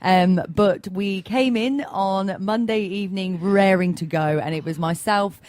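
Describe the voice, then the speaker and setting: A woman's voice: medium pitch, unhurried, a little mellow. A woman hosting a radio breakfast show in upbeat, casual chat. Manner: chatty, upbeat, with fillers. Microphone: studio microphone.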